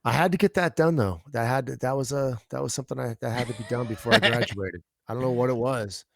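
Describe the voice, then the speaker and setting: A man in casual chat, reminiscing with a laugh. His voice sits at a medium pitch and sounds a little away from the mic, in a dry space. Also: quick pace, creaky, no echo. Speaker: guest's father.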